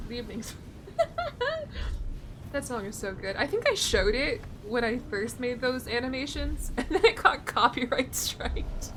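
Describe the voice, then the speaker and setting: Slow-talking young woman streamer, laughing often. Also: on the high side, sharp tone, a little hiss or hum. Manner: laughs often, self-deprecating, reads chat aloud. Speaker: game streamer. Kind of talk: casual live-stream chat while gaming.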